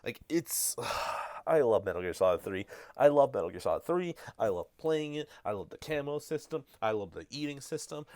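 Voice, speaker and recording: A man co-hosting a podcast in casual chat, animated and profane, playing up mock outrage. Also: mid-range voice, no echo. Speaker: podcast co-host.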